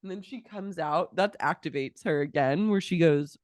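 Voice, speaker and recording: A woman's voice: sits low, moderate pace, dry recording. A woman co-hosting a podcast, recapping a reality show in casual chat and acting out the cast's quotes. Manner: animated storytelling, acting out quotes. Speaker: podcast co-host.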